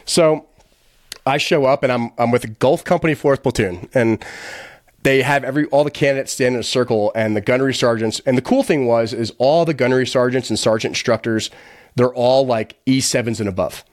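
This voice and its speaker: Guy telling war stories on a podcast, swears a lot, keeps laughing, mid-pitch, dry close sound. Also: dry recording. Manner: blunt and profane, chuckles often mid-story; quick, animated retelling with many fillers. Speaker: podcast guest. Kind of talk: casual storytelling.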